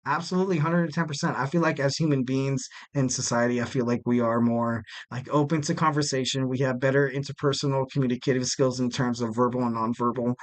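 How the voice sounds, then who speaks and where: A man's voice: mid-range voice, steady tone, fast, hardly any pauses. A young man hosting a wrestling podcast in casual solo chat, rambling and joking with plenty of fillers. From West Coast of the United States. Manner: rambling, jokey, lots of fillers.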